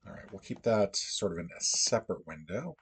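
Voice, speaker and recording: Husky-voiced man thinking aloud. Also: sits low, sing-song. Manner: thinks aloud, halting and musing. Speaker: livestream puzzle host. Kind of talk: casual livestream chat.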